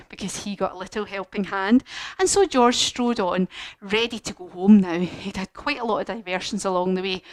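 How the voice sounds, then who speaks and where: A woman's voice: medium pitch, no echo, studio quality. A woman leading a children's yoga class through a story, singsong and encouraging.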